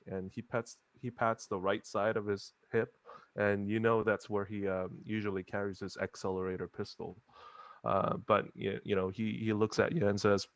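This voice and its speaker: A man's voice: lowish voice, little pitch movement, normal speed, no room sound. A man playing a tabletop game, casually narrating his character's actions with many fillers. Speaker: player.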